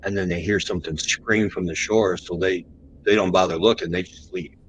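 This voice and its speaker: A man as a podcast guest, recounting an encounter story animatedly and slowing down for the tense moments. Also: low voice, fairly even intonation, slight background noise, rough recording.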